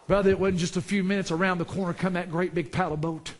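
A man preaching a sermon, building to fervent shouts and dropping back down low. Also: steady tone, fast. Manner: rises to fervent shouts, then drops low.

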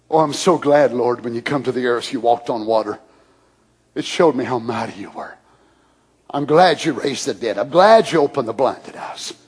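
A man preaching a sermon, praying aloud in hushed, near-whispered passages that build to loud, shouted fervor. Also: a little high, breathy edge.

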